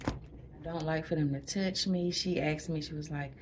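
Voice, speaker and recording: Chatty low-voiced woman with a lilt. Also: steady tone, normal speed, noisy background. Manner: chatty, laughs often, drops to a hush when retelling. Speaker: new mother recounting a birth. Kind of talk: casual storytelling to camera. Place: hospital room.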